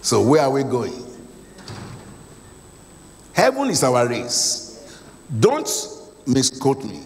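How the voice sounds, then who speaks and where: A man's voice: mid-range voice, wildly swooping pitch, slow pace, pauses often, in a large hall, slight background noise. A male pastor with a Nigerian English accent preaching a sermon, stressing points by repeating phrases. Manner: emphatic, repeats key phrases. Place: church hall.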